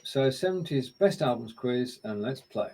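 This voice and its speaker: A man's voice: medium pitch, expressive, moderate pace, mellow, rough recording. A man co-hosting a casual live-stream show, chatting in a friendly, upbeat way as he runs a quiz and mutters to himself while working the screen share.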